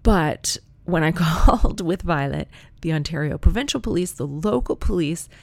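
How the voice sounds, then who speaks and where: A woman's voice: lowish voice, animated, moderate pace, gravelly, no echo. A woman telling a comic story in a chatty, wry, profane way.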